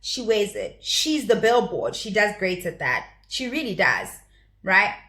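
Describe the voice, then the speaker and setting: Reviewing a reality show on her channel, a young adult woman chats with strong opinions and frequently restarts, repeating words. She speaks unhurriedly in a mid-range, sing-song, slightly bright voice. The room is roomy and echoey.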